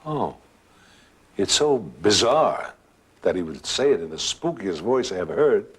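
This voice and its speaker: An older man, casually telling a personal story in a relaxed way and acting out what others said. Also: lowish voice, unhurried, breathy edge. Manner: relaxed storytelling, acts out voices. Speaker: guest storyteller.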